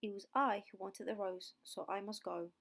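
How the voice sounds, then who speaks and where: A woman voicing a quiet, brave young woman in an audiobook reading of a fairy tale. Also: medium pitch, steady tone, moderate pace. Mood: earnest. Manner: quiet and earnest.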